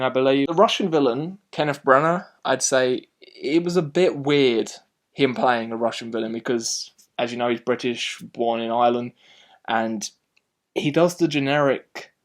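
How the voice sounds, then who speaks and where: Hosting a laid-back film review, a man chats through his views in a mid-range voice. He's animated and rambling, frequently starting sentences over.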